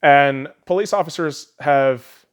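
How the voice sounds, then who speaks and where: A man's voice: on the high side, slow, clear, resonant tone. A man hosting a podcast, ranting heatedly and sarcastically, swearing often. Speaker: podcast host. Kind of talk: profane solo rant.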